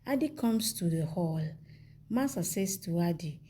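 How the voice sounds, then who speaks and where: A woman narrating a soap opera plot recap in a flat, plain storytelling read. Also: on the low side, a little slow, a little hiss or hum.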